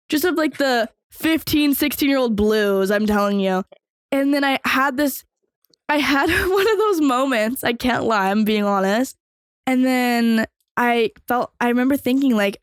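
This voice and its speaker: A woman's voice: fairly high pitch, normal speed, no echo, clean studio sound. A young adult woman hosting a podcast, telling a long personal story in a rambling way, full of fillers and casual swearing. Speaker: podcast host.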